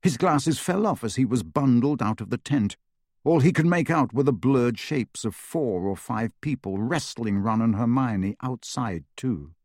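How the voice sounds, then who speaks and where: A man reading a novel aloud as narrator, in a lively, expressive way that acts out the action. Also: mid-range voice, a little slow, dry recording, clean studio sound. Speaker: audiobook narrator. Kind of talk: scripted story narration.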